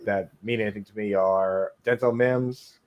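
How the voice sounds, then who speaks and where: A man's voice: lowish voice, steady tone, normal speed, highs cut off. A man with a Boston accent hosting a casual podcast chat, talkative and laid back, saying dude often. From Boston, USA. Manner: chatty, says dude a lot. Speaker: podcast host.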